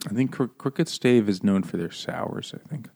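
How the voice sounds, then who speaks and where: A man co-hosting a podcast in relaxed, casual chat. His voice sits a little low and swings widely in pitch. He jokes, laughs often and explains things at length. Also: moderate pace. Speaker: podcast co-host.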